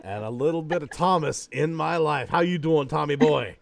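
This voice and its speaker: A man's voice: a little high, moderate pace, vocal fry, no room sound. A man hosting a podcast, talking loosely and joking, swearing freely. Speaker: podcast host. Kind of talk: casual chat.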